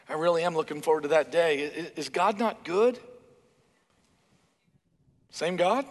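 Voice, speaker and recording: A man preaching a sermon in a church hall, animated and emphatic, acting out bits of dialogue. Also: a little high. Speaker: pastor.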